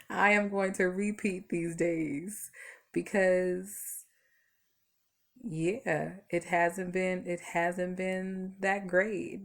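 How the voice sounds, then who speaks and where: Tired woman with a gravelly voice. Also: on the low side, little pitch movement, slow pace. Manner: chatty, rambling storytelling with fillers. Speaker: vlogger. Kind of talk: casual talk to camera. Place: at home.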